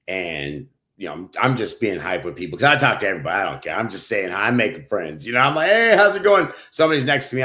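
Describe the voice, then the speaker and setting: A man's voice: fairly low pitch, sharp tone. Earnest man telling a story. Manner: earnest, chatty anecdote-telling. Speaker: podcast co-host. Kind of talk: casual storytelling on a podcast.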